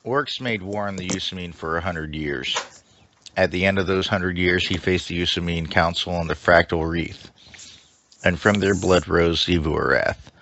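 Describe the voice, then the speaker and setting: A man reading a dark myth aloud in a steady storytelling manner, through a dull lo-fi mic with faint hiss. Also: deep voice, normal speed. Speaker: lore reader.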